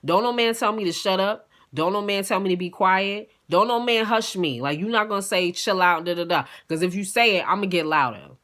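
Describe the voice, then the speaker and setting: Blunt, forceful New woman. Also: medium pitch, brisk, few pauses. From Queens, New York. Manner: blunt, profane, animated storytelling. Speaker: vlogger. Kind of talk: casual storytime.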